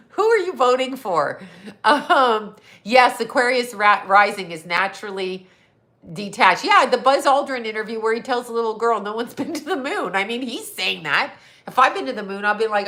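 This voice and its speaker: A middle-aged woman, a psychic and astrologer, chatting on a livestream in a hoarse, scratchy voice, mocking and sarcastic, laughing often and swearing. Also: medium pitch, bright, forceful tone. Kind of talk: casual livestream chat.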